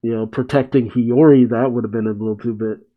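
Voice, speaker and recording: A man hosting a casual reaction, thinking aloud and reading a comic out loud. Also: medium pitch, fairly even intonation, brisk, phone-quality sound. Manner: casual, reflective, laughs while reading. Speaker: manga reaction host.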